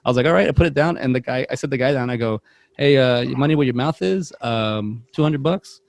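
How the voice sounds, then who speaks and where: A man's voice: mid-range voice, fast talker, gravelly, no echo. A man on a podcast telling a long work story in casual chat, rambling and acting out the voices of the people in it. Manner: rambling, animated, acts out quotes, self-interrupting. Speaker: podcast co-host.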